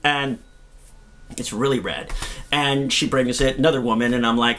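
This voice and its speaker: A man's voice: medium pitch, normal speed, a little hiss or hum. A middle-aged man, a singer and cancer survivor, telling upbeat, joking stories from his own experience. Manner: upbeat, joking, animated storyteller. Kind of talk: singing then storytelling talk.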